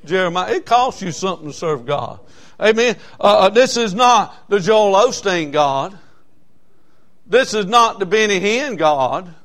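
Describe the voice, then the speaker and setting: Preacher man, high voice, hammering points over and over, lots of uh uh. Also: expressive, unhurried, a bit bright. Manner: emphatic preaching with repetition and frequent "uh" fillers. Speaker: pastor. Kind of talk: sermon. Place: church.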